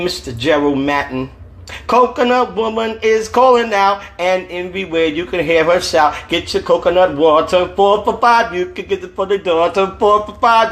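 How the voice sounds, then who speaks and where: A man's voice: on the high side, fairly bright tone. Casual slangy man reading on a livestream. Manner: casual, slangy, chuckling often. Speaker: author reading his novel. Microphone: phone livestream.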